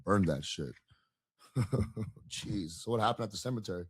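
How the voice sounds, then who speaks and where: A man's voice: lowish voice, lively intonation, moderate pace, husky, dry recording, studio quality. A male podcast co-host reacting to a guest with loose, blunt remarks and casual swearing. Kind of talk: casual interview chat.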